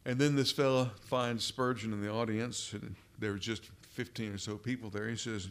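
A man preaching a sermon in an emphatic, deliberate way, leaning on repeated phrases. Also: lowish voice, fairly even intonation.

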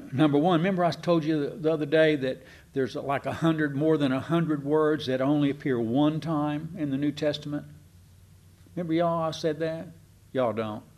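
A man giving a folksy, digressive Bible teaching to a congregation, slowing down to stress key words. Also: a little high, darkish tone. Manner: folksy and digressive, slows down for emphasis. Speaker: preacher.

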